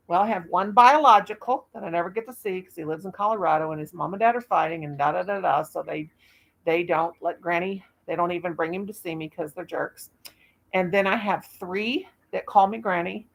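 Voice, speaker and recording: Woman in her fifties, casual live-stream chat, folksy, rambling, bright sharp voice. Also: on the low side, gravelly. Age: 50s. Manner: folksy, rambling, laughs at herself.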